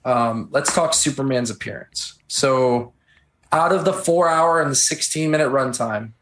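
A man's voice: mid-range voice, measured pace, slight background noise. A man co-hosting a casual film chat, retelling scenes with feeling and getting choked up. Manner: animated storytelling, gets choked up. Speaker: podcast co-host. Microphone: on camera.

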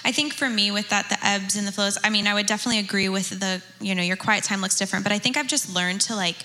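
Bright-voiced young woman pastor. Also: medium pitch, fairly even intonation, fast, rough recording. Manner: earnest, chatty, sprinkled with "you know" and "right?". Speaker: pastor and panel host. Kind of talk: church panel talk.

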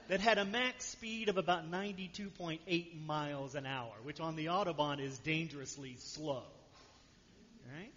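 A pastor preaches to his congregation in a church sanctuary, speaking conversationally and often asking "right?". His voice is a little high with a fairly bright tone. The recording sounds dull with long hall reverb and a little hiss or hum.

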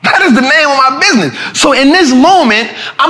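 A man telling a story in a bright, high voice, emphatic and full of slang. His pitch jumps all over as he acts out every exchange. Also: lively intonation, brisk, few pauses. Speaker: host. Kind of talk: animated storytelling.

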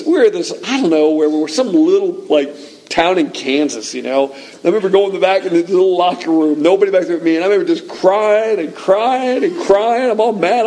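A middle-aged man preaching a sermon, telling personal stories and acting out quotes with lively energy. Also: sits high. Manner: animated storytelling, acts out quotes. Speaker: pastor.

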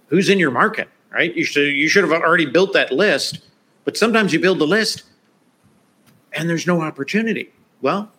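A man in a casual live-stream chat who talks in a relaxed way, often laughing and tagging his points with "right?". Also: fairly high pitch. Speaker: LinkedIn expert co-host.

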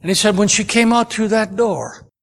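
A man with a high-pitched voice delivers a sermon. He speaks slowly and earnestly, stopping to restart his sentences as he tells a story. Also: creaky, a bit bright. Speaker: preacher.

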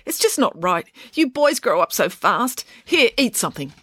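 A woman's voice: on the high side, very animated, normal speed, slightly rough, no echo, studio quality, voice pushed up, exaggerated voice. A woman voicing a fussy, doting middle-aged mother who bustles and scolds, read for a storybook. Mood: fussing. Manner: bustling, fretting, then sharp and scolding.

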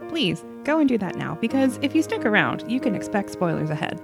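A woman in the middle of the usual pitch co-hosts a fan podcast. She is bubbly and playful and chimes in often with quick agreements. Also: sing-song, gravelly, music in the background. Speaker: podcast co-host. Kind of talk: casual fan podcast chat.

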